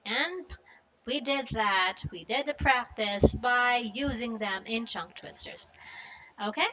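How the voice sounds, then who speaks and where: A young woman teaching a pronunciation lesson, drilling phrases and tongue twisters slowly with many "okay"s. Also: fairly high pitch, bright, forceful tone, rough recording. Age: young adult. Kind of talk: online lesson.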